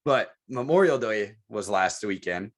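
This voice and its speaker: A man with a lowish voice speaks at a measured pace as he co-hosts a podcast. He swaps military stories in loose, profane chat, animatedly mimicking the voices of the people he quotes.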